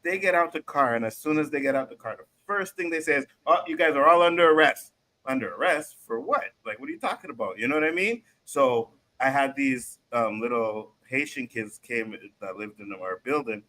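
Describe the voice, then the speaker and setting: A man from Canada hosting a casual panel podcast, telling stories in a lively, profane way and acting out the quotes. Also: medium pitch, brisk, hardly any pauses, rough recording. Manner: animated storytelling, profane, acts out quotes. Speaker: podcast host.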